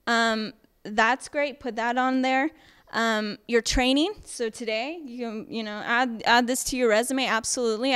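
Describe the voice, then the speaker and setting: A woman's voice: on the high side, fairly bright tone, clear, resonant tone. Chatty, emphatic woman workshop instructor. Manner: emphatic, chatty, many fillers. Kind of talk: workshop lecture.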